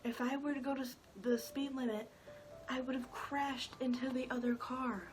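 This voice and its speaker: A woman's voice: high voice, flat delivery, normal speed, faint music behind, low-quality recording. A woman in her twenties telling a personal story in a casual, rambling way with lots of filler words. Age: 20s. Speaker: vlogger.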